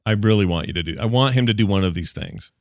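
A man's voice: on the low side, quick pace, darkish tone, no echo, clean studio sound. A man co-hosting a podcast, answering a listener call in casual chat, laughing often and sounding fondly exasperated. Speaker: podcast co-host.

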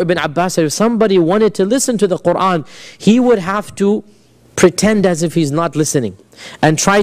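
A man's voice: sits high, darkish tone. A man giving a conversational classroom lecture, asking the class questions and mixing in Arabic phrases. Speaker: Islamic history teacher.

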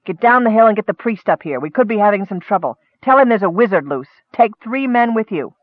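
A man voicing a tense, bearded male soldier captain in an audiobook, speaking low and hushed and breaking into roared orders. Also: animated, fairly quick, dry recording. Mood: terse. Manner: low hushed menace, bursts into roaring orders. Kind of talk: audiobook character voice. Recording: dry, tinny phone-like sound.

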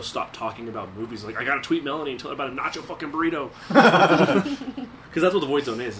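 A man's voice: mid-range voice, noisy background. A man hosting a podcast, chatting casually with crude jokes and frequent laughter. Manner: crude, joking, laughs often. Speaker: podcast host. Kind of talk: casual chat.

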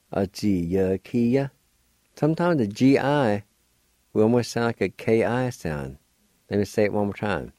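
A man gives a pronunciation lesson and spells words out one letter at a time. His voice is low and mellow and his pace is very unhurried. The sound is dry and close. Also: no room sound. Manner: slow, deliberate letter-by-letter spelling. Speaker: language teacher.

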